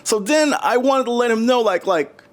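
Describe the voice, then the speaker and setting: A man's voice: extremely high pitch, moderate pace. A middle-aged man from the United States, a guest in a casual interview, telling stories with lots of restarts and acting out the voices of the people in them. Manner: animated, acts out quoted voices, many restarts.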